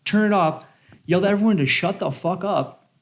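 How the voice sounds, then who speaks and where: A young adult man telling a bar story in casual chat, animated and swearing a lot, with lots of "like". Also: high voice, fairly quick. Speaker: bartender podcast host.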